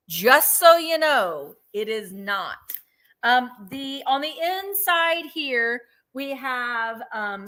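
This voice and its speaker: A chatty woman hosts a live vintage sale. Her voice sits fairly high and rings bright and forceful. She talks casually and walks through every item in detail. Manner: chatty, laughs easily, describes items in detail. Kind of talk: casual live-stream selling.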